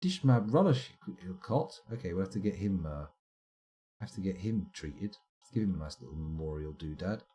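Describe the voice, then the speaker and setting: A man's voice: low-pitched, expressive, moderate pace, mellow. A man streaming live gameplay commentary, chatty and self-mocking with wry asides. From United Kingdom.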